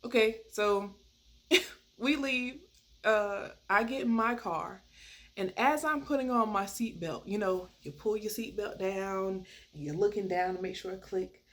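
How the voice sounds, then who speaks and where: A woman telling a personal story in a casual, animated way, laughing as she goes and jumping high when she acts out quoted lines. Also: unhurried. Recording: faint background noise.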